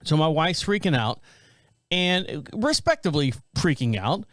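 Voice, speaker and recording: A man's voice: on the high side, measured pace, no echo. A man in his thirties hosting a podcast, telling a rambling story in a casual, conversational way. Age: 30s. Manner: rambling, conversational, with animated quoted voices. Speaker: podcast host. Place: home studio near Charlotte.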